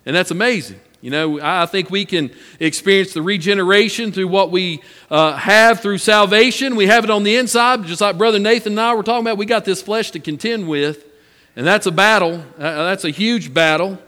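A man's voice: sits high, brisk, pushed and bright, big-room sound. A man preaching a sermon, a folksy storyteller who repeats his phrases. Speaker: pastor.

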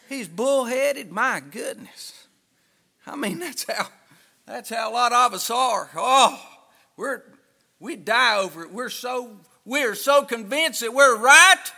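A man's voice: very high voice, creaky, bright, forceful tone, in a large hall. A man preaching a fervent sermon, acting out people's excuses. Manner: fervent, dramatic, acts out excuses.

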